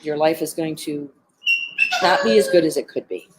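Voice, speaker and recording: An animal behavior trainer with a deep voice and a moderate pace speaks earnestly from an animal center, seated among birds. The live-streamed talk offers heartfelt advice, peppered with frequent "um"s, and the audio is very noisy.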